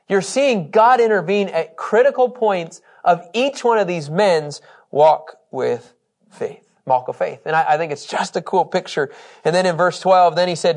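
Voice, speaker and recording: A man teaching a Bible study, reading scripture with emphasis and talking in an animated, conversational way, laughing often. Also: on the high side, normal speed. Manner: reads scripture aloud with emphasis.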